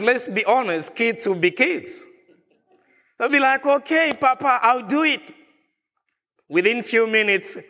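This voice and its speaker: A man's voice: high-pitched, bright, forceful tone, in a large hall. A man preaching a sermon as a pastor, asking the congregation question after question. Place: church.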